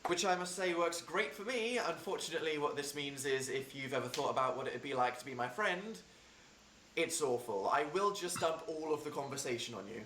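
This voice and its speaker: A man's voice: fairly high pitch, lively intonation, a little fast, far from the mic, background noise. A man with a sarcastic, self-deprecating manner, delivering a comedic vlog monologue. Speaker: vlogger. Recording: echoey room with faint music.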